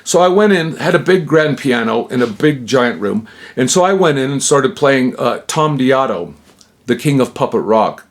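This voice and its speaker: A man hosts his own channel, telling a personal story in a rambling, casual style with a medium-pitched, very animated voice at normal speed. He acts out quoted dialogue and keeps interrupting himself, with fillers throughout.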